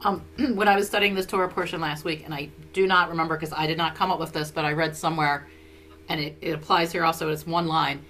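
A woman taking part in a class discussion, speaking quickly and eagerly from off mic. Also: low voice, fairly even intonation, fairly bright tone, a little hiss or hum. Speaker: class participant.

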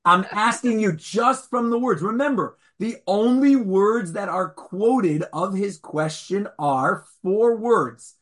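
Man, rabbi, online class, Socratic questioning, lively intonation, husky, video call. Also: high voice, slow pace. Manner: challenging, Socratic, animated. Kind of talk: interactive online Torah class.

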